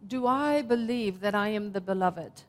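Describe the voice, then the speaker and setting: A woman in her fifties from Germany, speaking with a German accent as she gives a slow, reflective, heartfelt sermon as minister. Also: medium pitch. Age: 50s. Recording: long hall reverb.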